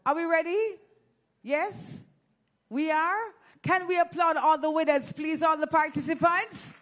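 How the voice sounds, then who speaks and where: A woman's voice: extremely high pitch, unhurried. A Jamaican woman hosting a live event on a handheld microphone, teasing the audience and running prize games. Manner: playful, teasing, energetic. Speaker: event host.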